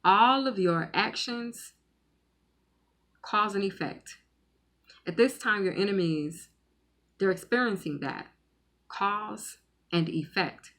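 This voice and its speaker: A woman's voice: medium pitch, slow pace, pauses often, a bit bright. A woman giving a spiritual reading in casual, rambling talk, repeating words and checking in with "okay?" often. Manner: emphatic, stretches key words. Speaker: spiritual medium and tarot reader.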